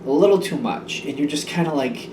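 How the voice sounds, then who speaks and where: A man's voice: a little high, animated, fairly quick, background noise. Rambling man reading tarot, echoey. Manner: rambling, hesitant, many fillers and restarts. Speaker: tarot reader. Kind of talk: casual tarot reading monologue. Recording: echoey room, voice from a distance.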